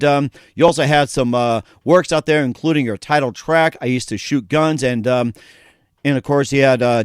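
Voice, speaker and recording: A man's voice: on the high side, clear, resonant tone, no room sound, studio quality. A man hosting an interview show, upbeat and punning, with lots of fillers and restarts. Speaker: podcast host. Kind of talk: casual interview. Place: studio.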